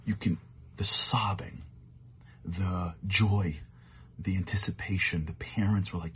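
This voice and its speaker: A man giving a short, earnest sermon as a storyteller, sometimes dropping to hushed tones for emphasis. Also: deep voice, fairly even intonation, measured pace, breathy edge.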